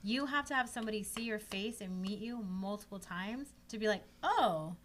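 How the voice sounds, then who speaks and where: A woman's voice: medium pitch, fairly quick, noisy background. A woman co-hosting a casual podcast, speaking in an encouraging, emphatic way.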